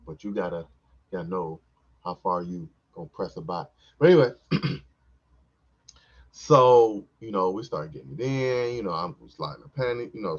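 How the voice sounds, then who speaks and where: A man's voice: deep voice, husky, dull audio. A man hosting a podcast, telling a story from his life in a laid-back, slangy, rambling way. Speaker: podcast host. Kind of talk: casual storytelling.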